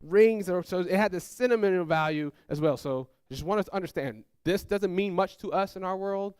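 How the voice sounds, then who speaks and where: With a high, smooth voice and a slightly fast pace, a pastor animatedly tells family stories in his sermon, acting out quotes in raised voices. He addresses the congregation and asks them to call out; the sound is clean studio quality with no room sound.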